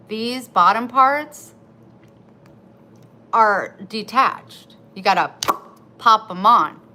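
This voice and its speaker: A middle-aged woman vlogging casually at home, chatting in an animated way to herself and her viewers. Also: fairly high pitch. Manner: chatty, animated self-talk. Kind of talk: casual vlog chat. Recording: background noise.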